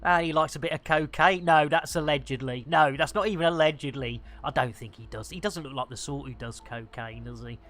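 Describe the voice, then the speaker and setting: A woman's voice: sits low, a little fast, hardly any pauses, a bit bright. A woman chatting playfully and giggling with viewers on a live game stream, speaking into a headset.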